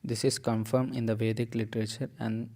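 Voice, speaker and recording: A man reads scripture aloud in a group, pausing and repeating words now and then. His mid-pitched voice stays flat and level. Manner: halting reading with repeated words. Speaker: reader in a group reading.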